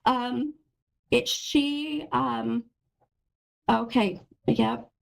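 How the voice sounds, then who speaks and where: A woman hosting a live call-in psychic reading, talking gently and reassuringly to a caller and calling her hun and sweetheart. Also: fairly high pitch, fairly even intonation, extremely slow, creaky, low-quality recording. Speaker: psychic medium host.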